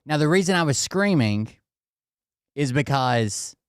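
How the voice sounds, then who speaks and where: A man's voice: mid-range voice, expressive, a little slow, clean tone, no echo, studio quality. A man vlogging from indoors at his home, telling a rambling, profane story straight to his viewers.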